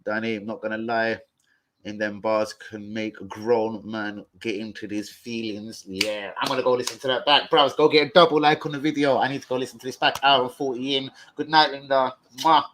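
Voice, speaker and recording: A young man hosting a casual live stream, full of slang, swearing and excited banter. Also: mid-range voice, a little fast. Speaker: livestream host.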